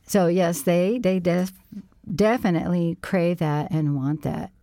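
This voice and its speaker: A middle-aged woman guest speaking gently and reflectively, offering encouragement with frequent pauses to think. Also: lowish voice, no room sound, clean studio sound. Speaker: interview guest, parent support co-founder. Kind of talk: casual conversation.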